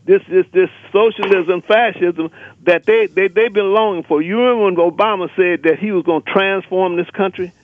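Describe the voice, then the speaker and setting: A man's voice: sits high, fairly even intonation, moderate pace. A man calling in to a radio show, delivering a fiery, emphatic rant and repeating rallying lists. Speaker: caller. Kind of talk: impassioned radio call-in rant. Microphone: telephone. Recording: tinny phone line.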